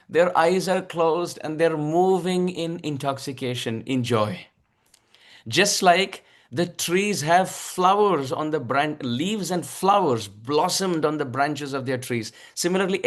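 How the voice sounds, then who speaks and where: A man giving a devotional scripture discourse, expressive and drawn out, with frequent soft laughs. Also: on the high side. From India. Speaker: spiritual speaker.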